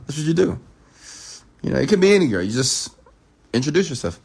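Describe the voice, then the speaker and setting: A man giving a late-night motivational rant, emphatic and repetitive, sometimes dropping to a hushed whisper to act out lines. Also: on the high side, big pitch swings, brisk, vocal fry, slightly rough. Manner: emphatic, repeats "I'm telling you", drops to a hushed whisper when acting out lines. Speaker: entrepreneur and mentor.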